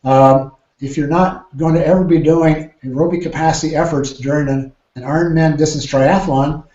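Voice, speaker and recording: A man, a triathlon coach, explaining training ideas in a podcast interview with measured, careful phrasing and frequent restarts. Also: fairly high pitch, fairly even intonation, warm tone. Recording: roomy, dull lo-fi sound.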